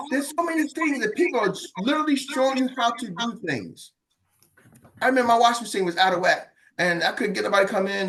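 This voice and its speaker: His voice is very high-pitched and a bit bright. This middle-aged business coach gives a motivational talk in a preacher-like manner, calling out to listeners and acting out quoted voices.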